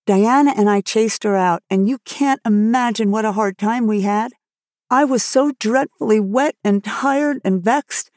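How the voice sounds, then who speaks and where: In a clean studio recording with no room sound, a woman voices an earnest, impulsive teenage girl pouring out a breathless confession. Her voice is a little high, pitched above her own natural voice yet close to everyday speech.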